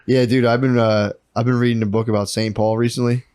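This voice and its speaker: A man's voice: mid-range voice, quick pace, smooth, no room sound. A man co-hosting a comedy podcast, telling a story with lots of swearing and acting out the people in it. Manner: animated storytelling full of swearing, acting out quotes. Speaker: podcast co-host. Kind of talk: casual comedic podcast chat. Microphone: podcast mic.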